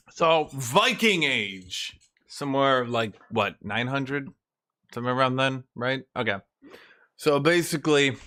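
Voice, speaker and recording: A young man chats casually while streaming a game, rambling through a story with animated turns. His voice is bright and middling in pitch, and the recording is dry and close. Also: dry recording. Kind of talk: casual chat while gaming.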